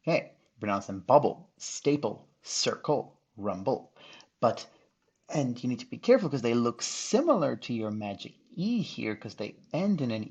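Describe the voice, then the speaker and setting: A male teacher giving a recorded phonics lesson, patiently sounding out syllables and letters one by one. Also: lowish voice. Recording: dull lo-fi recording.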